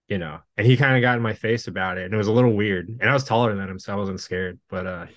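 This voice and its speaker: Male guest, low pitch, dry mic, loose rambling anecdotal delivery. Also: fast, hardly any pauses, dry recording. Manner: rambling, laughs things off, jumps around. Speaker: podcast guest. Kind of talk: casual storytelling chat.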